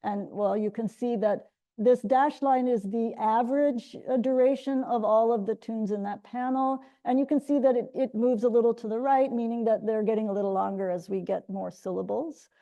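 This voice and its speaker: A woman's voice: on the high side, steady tone, normal speed, mellow, lo-fi sound. A middle-aged woman giving an academic linguistics talk, explaining step by step with frequent restarts. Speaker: linguistics lecturer.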